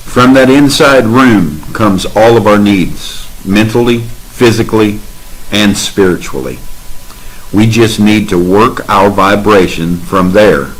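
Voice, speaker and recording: A man's voice: lowish voice, takes it slowly, low-quality recording. A man giving a spiritual testimony and exhortation, emphatic and repeating affirmations in rhythmic lists. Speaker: speaker in a spiritual sharing session.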